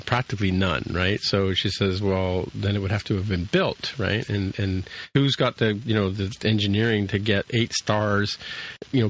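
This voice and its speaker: A man's voice: lowish voice, fairly bright tone, poor audio. A man hosting a podcast, casually recapping a TV episode in a rambling way, paraphrasing the characters' lines. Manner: rambling, many restarts and fillers, paraphrases dialogue. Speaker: podcast host reviewing episodes.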